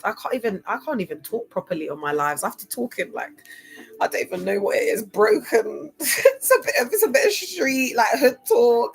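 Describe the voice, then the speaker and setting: A woman's voice: medium pitch, creaky. Woman, casual livestream host, chatty, laughs a lot, faint music underneath. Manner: chatty, laughs often, spells out words.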